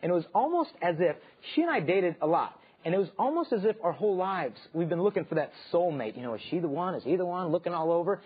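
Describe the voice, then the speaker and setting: A man in his thirties, hosting an inspirational talk show, telling lively stories and acting out the voices in them. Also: high-pitched, fast, hardly any pauses, breathy edge. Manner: animated storyteller acting out quoted voices. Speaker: host and speaker. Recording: dull lo-fi sound.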